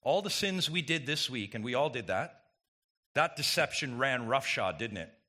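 A man's voice: mid-range voice, animated, normal speed, pushed and bright. A man preaching a sermon as pastor, emphatic and full of rhetorical questions to the congregation.

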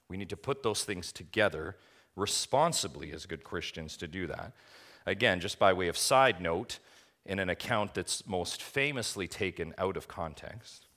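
A man's voice: deep voice, fairly bright tone. A man preaching an expository sermon, emphatic, asking rhetorical questions and addressing his listeners as friends. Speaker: pastor.

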